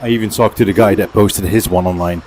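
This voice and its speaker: A man's voice: low-pitched, steady tone, quick pace, darkish tone, a little hiss or hum, rough recording. A man casually telling a rambling story while cycling on an indoor trainer, slightly out of breath. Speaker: vlogger. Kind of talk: casual storytelling during a workout. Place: indoor training setup at home.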